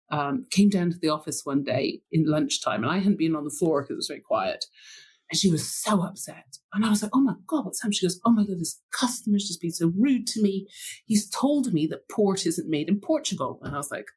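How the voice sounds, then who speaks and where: A middle-aged woman, a former sommelier, telling lively anecdotes in an interview, laughing often and acting out the lines she quotes. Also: on the low side, breathy edge. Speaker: wine buyer and former sommelier. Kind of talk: storytelling interview chat.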